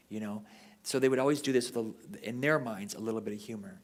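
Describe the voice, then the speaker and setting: A man's voice: on the low side, fast talker. A man giving an informal history lecture at a parish, talking off the cuff and often ending sentences with "right?".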